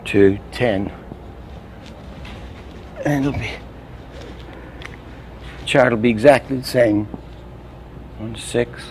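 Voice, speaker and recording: A man's voice: mid-range voice, takes it slowly, long pauses, a little mellow, a little hiss or hum. A man explaining animation timing and doing little sound effects as he demonstrates. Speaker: animation teacher. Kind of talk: instructional demonstration.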